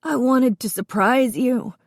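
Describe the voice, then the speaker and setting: A woman narrator voicing a gentle adult man with a disability, speaking slowly through sobs. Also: fairly low pitch, no echo, studio quality. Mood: tearful. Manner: slow, simple, sobbing.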